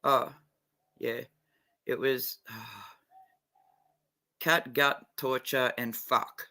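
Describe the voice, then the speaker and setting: A man's voice: mid-range voice, fairly even intonation, extremely slow, pushed and bright. A man chatting casually on a livestream, blunt and heavily profane, a little drunk and stoned. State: tipsy and stoned.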